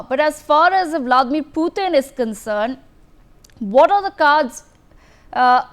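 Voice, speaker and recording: A woman news anchor moderating a live panel, asking brisk, formal questions. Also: high-pitched.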